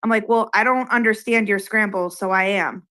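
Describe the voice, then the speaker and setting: A woman's voice: mid-range voice, steady tone, normal speed, pushed and bright. A woman from Massachusetts, a regular on the show, casually retelling an argument from an online game, quoting back and forth and swearing. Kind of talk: casual chat, storytelling.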